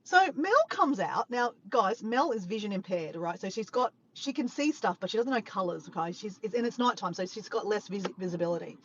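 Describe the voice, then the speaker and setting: Animated woman telling a story. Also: medium pitch, brisk, few pauses, muffled recording, slight background noise. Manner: animated, laughing, swears freely. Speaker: vlogger. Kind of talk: casual storytelling to camera.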